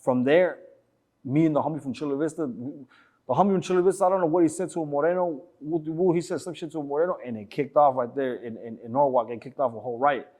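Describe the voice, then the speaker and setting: A man's voice: fairly high pitch, fast talker, warm tone. A man telling a story as an interview guest, casually, in slangy, profane talk that rambles with many fillers.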